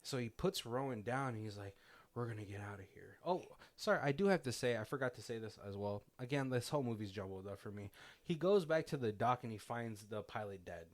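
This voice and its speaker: Man, podcast co-host, casual film chat, lively storytelling, breaks into laughter, acts out quotes. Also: medium pitch, brisk. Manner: animated retelling, acting out quotes, frequent laughter. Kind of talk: casual movie commentary chat.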